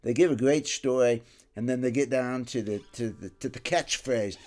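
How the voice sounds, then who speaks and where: A man giving a casual music lesson, animated and rambling, dropping to a soft voice and rising loud again as he explains. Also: medium pitch, moderate pace. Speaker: music teacher. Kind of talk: casual instructional talk.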